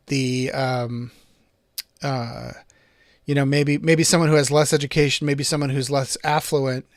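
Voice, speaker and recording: Man with a slightly high, dry voice. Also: no room sound. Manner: rambling storyteller, many restarts and fillers. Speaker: podcast co-host. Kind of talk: casual discussion.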